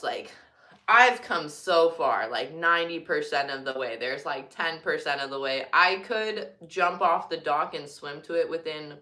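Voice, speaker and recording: A young woman tells a rambling storytime to her vlog audience, her voice slightly low-pitched but bright and forceful. She jumps from loud excited outbursts to low, trailing mutters. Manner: animated, swings from loud excited bursts to quiet mutters. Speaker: vlogger. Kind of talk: casual storytime monologue.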